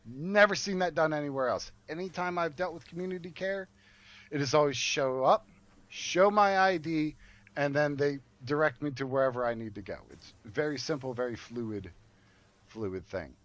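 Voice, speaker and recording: A man's voice: fairly high pitch, moderate pace. A man telling a story in a casual way while gaming. He swears a lot and acts out the people in his story. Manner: animated, profane, acts out quoted dialogue.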